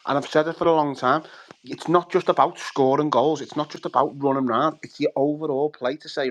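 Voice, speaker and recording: A man's voice: medium pitch, fairly quick. A man, co-hosting a football fan chat show, talking bluntly and animatedly with lots of swearing. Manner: blunt, sweary, animated, acts out players' thoughts. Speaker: podcast co-host.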